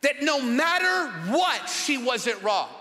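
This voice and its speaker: A man's voice: very high voice, very animated, slow, bright, forceful tone, soft background music. A man pastor preaching a sermon emphatically, with long repetitions. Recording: long hall reverb.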